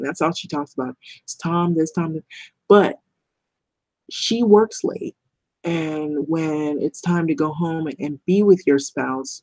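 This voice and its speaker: Middle-aged woman vlogger, husky, low-pitched, frank and meandering, swears freely. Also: darkish tone, no echo. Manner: rambling, blunt, swears, laughs often. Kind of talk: casual monologue to camera.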